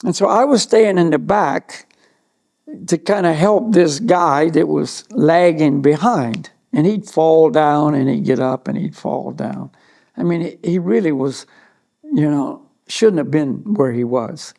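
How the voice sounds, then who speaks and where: Man, mellow gravelly voice, slightly high, meandering storyteller giving a spiritual talk. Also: measured pace. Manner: rambling, anecdotal, many "you know" asides.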